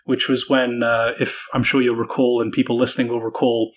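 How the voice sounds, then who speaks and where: A British-accented man speaking as an author and podcast guest, with a voice of middling pitch. He talks in a measured way, with dry humor and frequent hesitant fillers. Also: level tone. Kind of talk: casual podcast interview.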